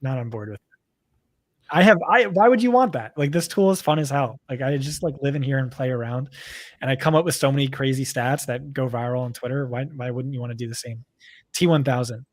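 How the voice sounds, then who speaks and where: A man with a New Jersey accent co-hosting a live stream, talking quickly and casually with lots of fillers. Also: mid-range voice, steady tone, a little mellow. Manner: quick, chatty, full of fillers. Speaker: co-host presenting a data tool.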